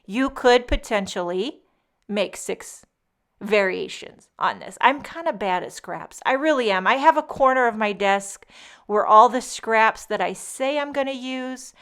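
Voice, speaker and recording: Bright, smooth-voiced woman crafting. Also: fairly high pitch, expressive, a little slow. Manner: chatty, with joking asides. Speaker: papercraft tutorial host. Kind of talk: casual craft tutorial narration.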